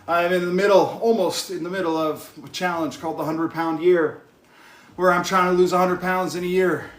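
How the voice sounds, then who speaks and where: An out-of-breath man talking to his live stream chat while riding an exercise bike at home, getting worked up and yelling at times. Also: sits high, steady tone, fairly quick, roomy sound. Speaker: fitness vlogger live streaming his workout.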